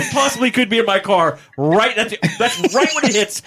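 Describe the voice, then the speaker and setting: A man's voice: high-pitched, animated, brisk, bright, forceful tone, breathy edge. A man co-hosting a podcast in casual chat, telling stories and laughing often. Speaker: podcast co-host.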